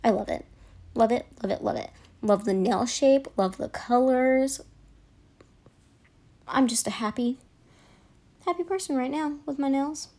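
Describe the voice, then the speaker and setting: Young woman, casual voiceover, chatty and rambling, higher voice, slow easy delivery. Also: a little mellow. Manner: chatty, rambling, apologetic about talking so much. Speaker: nail vlogger.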